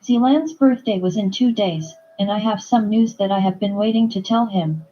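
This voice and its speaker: A woman reading a romance novel aloud in first-person narration, plain and steady. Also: medium pitch, normal speed, highs cut off. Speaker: audiobook reader.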